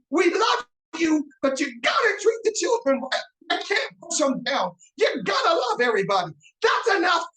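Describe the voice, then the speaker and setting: A man putting on a frantic male breaking-news reporter who shouts on the edge of tears. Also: very high voice, echoey room, voice pushed up, exaggerated voice, poor audio. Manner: shouting, near-crying outrage.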